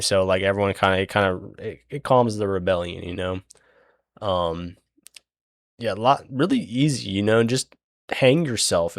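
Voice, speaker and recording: A man's voice: lowish voice, gravelly, no echo, studio quality. A man casually recapping a book while he draws, rambling and swearing, with lots of fillers and restarts. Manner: acts out characters' lines in his retelling. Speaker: channel host recapping a book.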